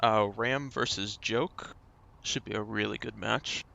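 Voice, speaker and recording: A man casting a live esports match, giving relaxed analysis and schedule notes. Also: fairly low pitch, unhurried, creaky. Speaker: esports caster.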